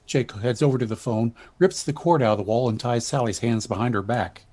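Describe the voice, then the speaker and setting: A man narrating the stage directions in a measured, even way during a stage reading. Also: medium pitch.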